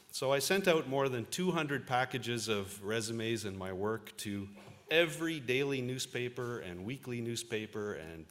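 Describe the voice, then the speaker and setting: This Canadian man from Ontario, a journalist in his fifties, tells anecdotes during a convocation speech, using a few fillers along the way. His mid-range voice has a fairly bright tone and the ring of a large hall, as the setting is a large auditorium.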